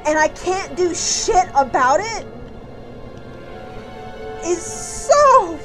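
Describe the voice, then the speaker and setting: High-voiced woman ranting angrily over game music. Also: very animated, drawn-out words, poor audio. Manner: angry profane ranting, loud outbursts. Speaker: game streamer. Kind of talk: live gameplay commentary.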